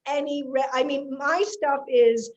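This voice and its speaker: A woman comedian, telling a story in casual podcast chat, animated and chatty. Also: high-pitched, measured pace, highs cut off.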